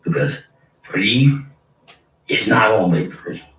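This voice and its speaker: A man's voice: on the low side, lively intonation, unhurried, a bit bright. An older man, delivering a rambling, preachy and threatening monologue. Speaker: self-proclaimed prophet. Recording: roomy, distant mic with faint noise.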